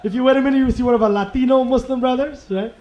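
A man's voice: extremely high pitch, fairly even intonation, very fast, muffled recording, slight background noise. A man from Chicago performing a playful stand-up comedy routine, laughing at his own jokes and mimicking voices. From Chicago, USA. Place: live comedy stage.

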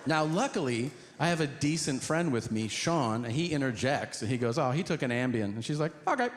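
Animated stand-up comic man. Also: background noise. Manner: animated, acts out characters with shrieking high voices; profane, fast bursts. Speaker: stand-up comedian. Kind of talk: stand-up storytelling.

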